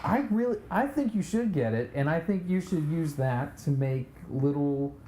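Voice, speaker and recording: A man's voice: fairly high pitch, expressive, normal speed, mellow. A man co-hosting a casual podcast, asking curious questions and teasing his friend. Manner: curious, asks questions and teases. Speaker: podcast co-host. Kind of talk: casual chat. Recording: roomy echo with faint noise.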